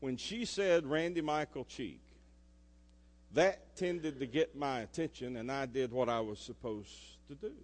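A male pastor, preaching a sermon and swinging between loud emphasis and soft asides. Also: mid-range voice, moderate pace, hardly any pauses. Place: church sanctuary. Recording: echoey church hall.

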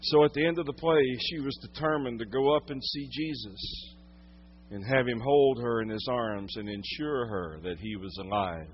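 A male pastor preaching a sermon, swinging from hushed, intimate moments to loud, dramatic storytelling. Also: mid-range voice, moderate pace, muffled recording, slight background noise.

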